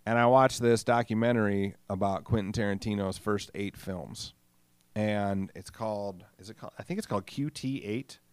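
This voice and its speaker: A man's voice: on the low side, moderate pace, clean tone, no room sound. Rambling, profane middle-aged man podcasting. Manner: rambling, profane, self-deprecating. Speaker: podcast host. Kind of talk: casual solo podcast monologue.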